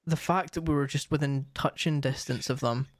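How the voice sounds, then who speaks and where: Young man, casual chat, animated, swears a lot, dry recording. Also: medium pitch, moderate pace, no echo.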